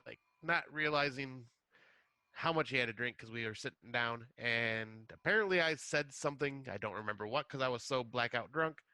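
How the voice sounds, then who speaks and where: A young man co-hosting a podcast, spinning a self-mocking story in casual chat. His voice sounds bright and forward, and the recording is dry and close, with no room sound. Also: medium pitch, moderate pace, no room sound. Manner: self-deprecating, jokey storytelling. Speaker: podcast co-host.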